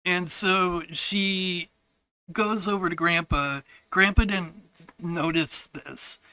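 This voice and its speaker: A man telling a personal story on his podcast, in a frank, halting and profane way. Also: high-pitched, steady tone, bright, forceful tone, smooth, no room sound, rough recording.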